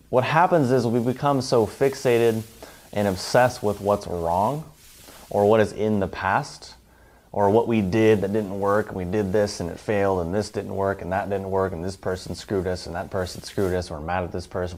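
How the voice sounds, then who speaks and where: A low-voiced man giving a self-help talk, emphatic and stacking long lists of examples. His delivery is steady, with the rhythm of a motivational lecture.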